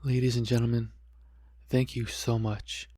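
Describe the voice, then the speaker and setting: A man's voice: medium pitch, level tone, unhurried, darkish tone, no echo, clean studio sound. A middle-aged man hosting a podcast, earnestly sharing a personal testimony and preaching to his listeners with repeated phrases. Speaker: podcast host.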